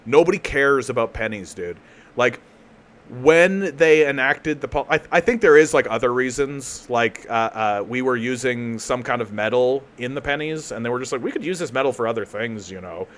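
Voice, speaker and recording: Canadian guy ranting on his stream, sarcastic, swears a lot, middle pitched voice, trips over words. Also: animated, moderate pace, fairly bright tone. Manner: sarcastic, swears freely, restarts often. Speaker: political commentary host. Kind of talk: casual livestream commentary.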